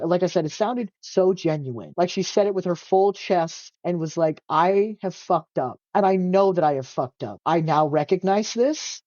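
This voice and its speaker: A man guest on a podcast, telling stories in a casual, animated way, with lots of filler "like" and free swearing. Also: high voice, no room sound, dull audio. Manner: casual, animated storytelling, heavy use of "like", swears freely. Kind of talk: casual interview chat.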